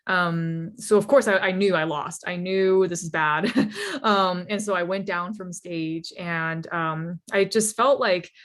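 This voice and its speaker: Chatty young woman, lowish voice. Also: a little slow. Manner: animated, laughs often, many fillers like "you know" and "like". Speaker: startup founder speaker. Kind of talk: storytelling talk.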